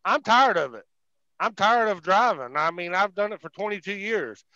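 Man, excited and folksy, high bright voice, dull call audio from truck cab. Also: moderate pace, dry recording. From North Carolina. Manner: excited, many fillers, folksy. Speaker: guest, truck driver. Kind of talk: casual chat. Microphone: phone on a video call. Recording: muffled video call audio.

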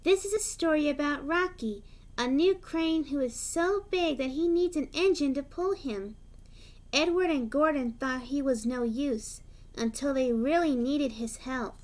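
Slow high-voiced woman reading a storybook. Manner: chatty asides between the narration. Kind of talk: reading a children's storybook aloud.

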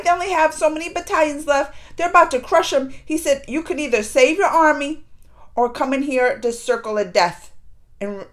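A woman with a high, bright voice recaps a TV episode for her reaction channel in casual, easy talk. She is openly emotional, acting out what the characters said as she goes. Her tone swings between loud, excited outbursts and quiet, upset asides. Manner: emotional, animated retelling with quoted voices. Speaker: reaction video host.

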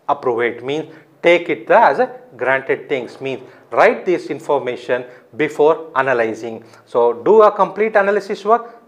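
A man with a slightly raised pitch delivers a recorded lecture. He explains step by step, repeats key terms and answers his own questions as he goes.

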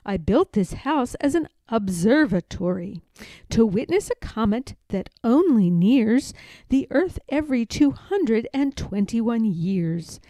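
A woman's voice: on the high side, sing-song, slow pace, mellow, dry recording. A woman voicing the sad ghost of a young scientist, telling his story in a mournful, wistful way.

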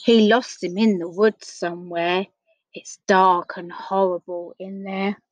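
A woman reading a picture book aloud to children, gentle and unhurried, with questions for her listeners. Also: medium pitch, flat delivery, no room sound, lo-fi sound. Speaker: storyteller.

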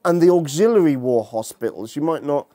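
A man's voice: a little high, lively intonation, fairly quick, mellow. A man lecturing as a historian to an audience, humorous and chatty, bantering with the room. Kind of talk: lecture with jokey asides.

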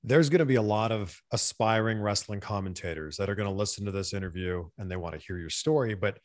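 A man's voice: fairly low pitch, fast talker, dry recording, studio quality. A man hosting an interview, asking curious, enthusiastic questions. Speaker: interview host.

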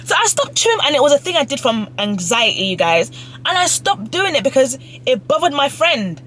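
A woman's voice: high voice, very animated, normal speed, a bit bright. A young woman vlogging from her car, venting emotionally and swearing freely as she talks through a falling-out with a friend. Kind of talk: casual vlog rant. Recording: car noise behind the voice.

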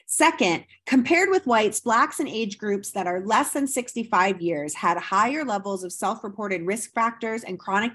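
A woman at a middle pitch, recording a slide lecture for an anthropology course. She explains step by step, leans on frequent ums and fillers, and keeps asking her listeners rhetorical questions. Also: fairly bright tone.

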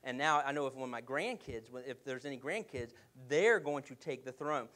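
A man's voice: mid-range voice, fairly quick. A man preaching a sermon as pastor, telling stories with jokes and putting on voices for the characters. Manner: lively storytelling with jokes and acted voices.

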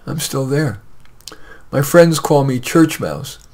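A man reading his own short story aloud in a plain, measured way with light hesitations. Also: medium pitch, expressive, darkish tone.

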